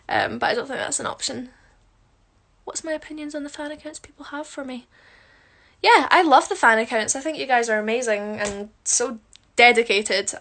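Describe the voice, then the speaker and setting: A woman's voice: high-pitched, a bit bright. A woman chatting casually on a phone livestream at home, self-mocking and answering viewer questions while doing her makeup. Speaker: musical theatre performer.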